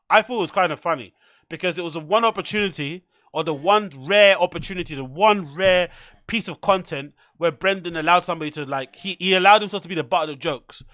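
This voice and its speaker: A man with a notably high voice gives casual livestream commentary on clips, swearing freely and laughing often. He sounds incredulous and teasing. His voice is recorded dry and close, with no room sound. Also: fairly bright tone, no room sound. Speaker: podcast host.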